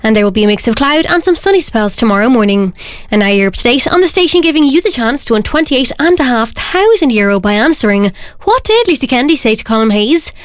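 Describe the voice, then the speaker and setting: A woman's voice: fairly high pitch, animated, fast, no room sound, studio quality. A woman reading a scripted weather forecast and station promo on the radio.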